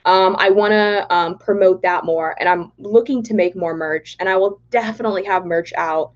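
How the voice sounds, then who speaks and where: A young woman from Dallas with a Texan accent, chatting excitably on a livestream and reading viewer comments aloud. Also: medium pitch, normal speed. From Texas, Dallas. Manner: bubbly and excitable, reads chat aloud. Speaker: political vlogger. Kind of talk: casual livestream chat. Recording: dull lo-fi livestream audio.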